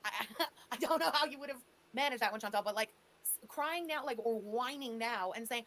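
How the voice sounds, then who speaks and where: A woman with a high voice hosts a reaction commentary. She picks apart what she hears with sarcasm and disbelief, speaking plainly and casually. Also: a little fast, a bit bright. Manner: sarcastic, mocking, incredulous. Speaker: host, commentary channel.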